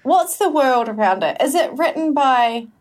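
A woman's voice: sits high, expressive, normal speed, a little mellow. A woman, chatting enthusiastically on a podcast panel and asking eager questions. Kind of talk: casual chat.

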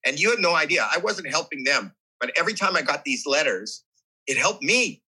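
Husky, animated man telling a story. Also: on the high side, fairly quick, poor audio. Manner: animated, acts out quoted voices. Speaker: podcast guest. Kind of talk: candid storytelling.

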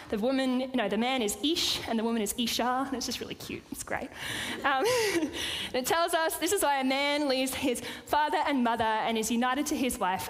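A woman gives a sermon in a reverberant hall, her voice pitched high. She reads scripture and then turns to the audience with playful, chatty asides. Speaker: preacher. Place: church or hall with a live audience.

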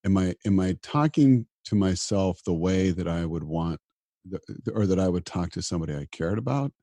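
A man's voice: deep voice, expressive, normal speed, mellow, no echo. A middle-aged man, a disaster physician, talking earnestly in an interview and often repeating words as he starts a sentence. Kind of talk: reflective interview talk.

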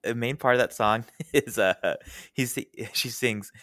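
A man's voice: medium pitch, a little slow, fairly bright tone, dry recording, clean studio sound. A young man guesting on a podcast, chatting casually and animatedly, laughing easily. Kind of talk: casual chat.

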